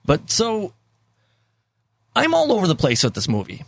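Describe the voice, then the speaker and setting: Animated man rambling about a film. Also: high voice, moderate pace, gravelly, breathy edge, dry recording, studio quality. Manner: rambling, repeats himself, many fillers; laughs easily. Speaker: podcast host. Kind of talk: casual movie discussion.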